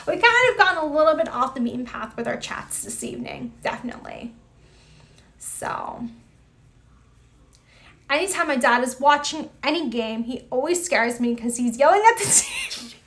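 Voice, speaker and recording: A young woman hosts a live stream, her voice sitting high with a fairly bright tone and an animated, moderate pace. She chats casually while reading viewer comments, greeting people by name and reacting with plenty of exclamations.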